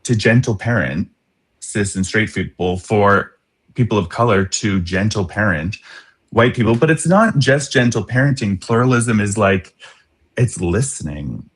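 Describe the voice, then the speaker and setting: A man's voice: lowish voice, lively intonation, measured pace, breathy edge. A man appearing as a guest on a podcast over a video call, talking earnestly about his work as an educator. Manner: earnest, conversational, many fillers. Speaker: guest, social justice educator. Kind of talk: casual podcast conversation.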